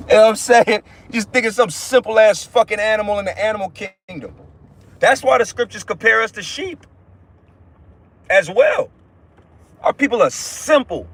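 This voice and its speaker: This is a man running a casual preaching livestream from inside his car. His voice sits high for a man. He talks bluntly and swears freely, stumbling over the starts of his sentences as he lectures. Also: expressive, normal speed, long pauses, fairly bright tone. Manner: blunt, profane, repetitive restarts. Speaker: livestream host giving religious teaching.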